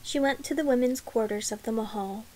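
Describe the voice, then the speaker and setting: A woman reading a novel aloud in measured, quiet narration. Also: on the high side, rough recording. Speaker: audiobook reader.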